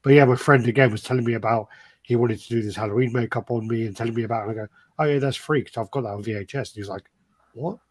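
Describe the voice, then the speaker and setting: A man's voice: mid-range voice, fairly even intonation, racing, no echo. A man co-hosting a collectibles podcast, telling long rambling stories in casual chat and swearing freely. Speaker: podcast co-host.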